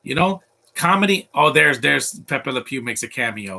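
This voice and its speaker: Gravelly, bright-voiced man riffing on a cartoon. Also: medium pitch, animated, normal speed. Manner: rambling, offhand, joking asides. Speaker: cartoon commentator. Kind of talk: live watch-along commentary.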